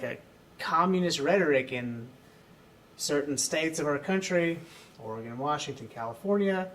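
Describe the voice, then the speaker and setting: A man's voice: medium pitch, distant mic, slight background noise, low-quality recording. A man hosting a casual studio interview, talking loosely and trailing into fillers. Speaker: host.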